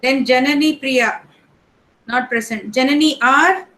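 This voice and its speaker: A woman teacher, calling the roll in an online class in a brisk, matter-of-fact way. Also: sits high, pushed and bright, rough recording. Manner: reads names one by one in a brisk, matter-of-fact way.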